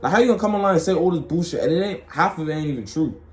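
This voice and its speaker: A man's voice: on the high side, lively intonation, racing, reverberant, a little hiss or hum, rough recording. A man streaming his casual reaction to a clip, talking in loose slang, rambling and asking "you feel me" again and again.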